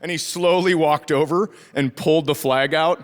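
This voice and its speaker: A middle-aged stand-up comedian from northern Minnesota with a high, reedy voice, spinning stories and jumping into the voices of the people in them. He's live on stage in a big theater, his voice ringing through the hall over a laughing audience. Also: moderate pace, heavy background noise. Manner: animated storyteller, acts out voices, shouts punchlines.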